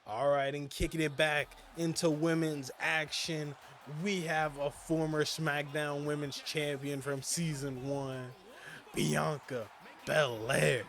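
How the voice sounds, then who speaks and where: High-voiced Southern man commentating a game. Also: slow pace, slight background noise. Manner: playful, laughs often, talks excitedly in bursts. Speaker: co-host commentator. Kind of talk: casual video game commentary.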